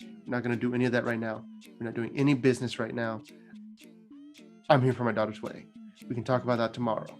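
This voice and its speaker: A man voicing a stern male crime boss who is also a proud father, gruff and dismissive, with faint guitar music behind. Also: medium pitch, flat delivery, fast, pauses often, lightly acted. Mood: calm.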